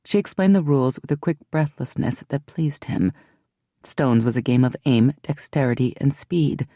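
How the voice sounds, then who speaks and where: An audiobook narrator telling a fantasy romance in an even, measured way. The voice is gravelly and mellow, recorded close and dry. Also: mid-range voice, dry recording. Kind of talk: scripted narration.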